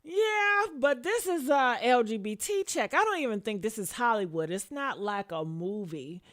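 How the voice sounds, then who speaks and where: A woman's voice: on the high side, animated, moderate pace. A woman hosting a casual gossip commentary show, blunt and sassy, calling her listeners honey and swearing freely as she reads comments. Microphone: camera mic with headphones on.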